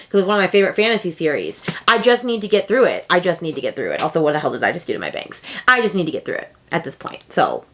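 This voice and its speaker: Young woman book vlogger, casual and excitable, quick high reactions. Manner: chatty and excitable, with sudden high exclamations. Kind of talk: casual chat.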